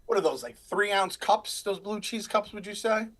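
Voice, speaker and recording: A man's voice: sits high, moderate pace. A man in his thirties, a podcast co-host, rambling through casual live stream chat and stories. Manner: rambling, animated storyteller.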